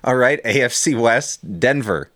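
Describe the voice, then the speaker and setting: A man's voice: mid-range voice, expressive, a little slow, fairly bright tone. A man co-hosting a sports podcast, joking and swearing in casual banter. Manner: profane, joking, laughs often. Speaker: podcast co-host.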